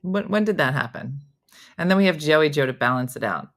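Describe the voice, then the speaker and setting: A woman's voice: sits low, brisk. A middle-aged woman hosting a casual morning chat show, telling family stories and acting out the voices in them. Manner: animated, acts out voices in her stories. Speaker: morning show host reading viewer comments.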